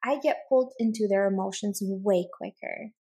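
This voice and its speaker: A woman's voice: medium pitch, normal speed, gravelly, dark tone, husky. A woman guest on a parenting podcast, talking earnestly and animatedly, full of "like" and "right?". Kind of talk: conversational interview.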